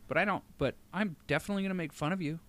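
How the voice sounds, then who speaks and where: A man's voice: a little high, rapid-fire, fairly bright tone. A man talking as a podcast guest in casual chat, blunt and joking, with frequent restarts.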